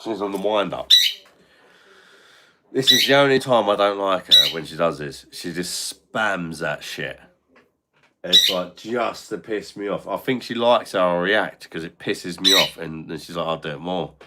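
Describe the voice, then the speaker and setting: Sweary deep-voiced man streaming. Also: lively intonation, measured pace, heavy background noise. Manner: sweary, joking banter with his parrot. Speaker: live stream host. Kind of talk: casual live-stream chat. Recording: loud parrot squawks behind.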